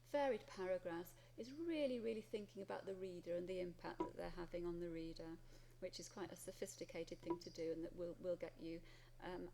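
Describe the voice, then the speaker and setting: A female English teacher with a Welsh English accent works through a pupil's story, reading passages aloud and then commenting on them. Her voice is gravelly and sits at a middle pitch. There is a steady hiss of noise in the recording. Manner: reads student text aloud then comments. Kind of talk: marking a student essay aloud.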